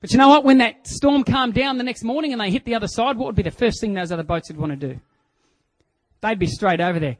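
Middle-aged man, Australian accent, high-pitched, lively sermon delivery, acts out voices. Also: a little fast, rough recording. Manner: animated storytelling, acts out voices, swings from hushed to loud. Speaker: pastor.

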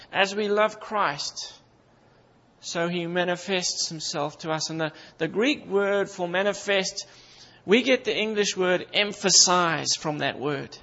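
A high-pitched man preaching with fervent emphasis, building through repeated phrases. His voice rings out with a long reverb tail, as in a large hall, and the recording sounds somewhat dull and muffled. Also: pushed and bright. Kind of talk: sermon.

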